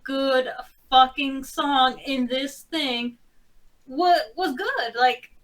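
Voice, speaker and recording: A woman's voice: high voice, extremely slow, distant mic. A woman co-hosting a casual movie review chat, critiquing with emphasis and some swearing. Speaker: podcast co-host.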